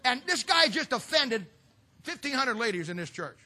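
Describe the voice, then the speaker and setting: A man's voice: extremely high pitch, sing-song, moderate pace, bright, forceful tone. A middle-aged man preaching a humorous sermon to a church audience, telling stories with folksy, sarcastic asides.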